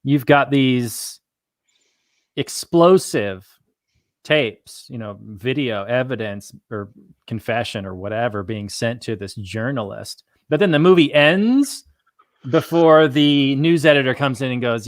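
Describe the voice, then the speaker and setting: Co-host, man, mid-pitch, dry close sound, measured and thoughtful. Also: no echo. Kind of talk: casual movie review chat.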